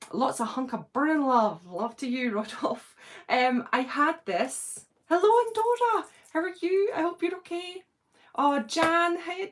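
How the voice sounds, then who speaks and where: A middle-aged British woman hosting a casual livestream, nervous and excited, chatting and greeting viewers by name. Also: a little high. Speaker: channel host doing a livestream.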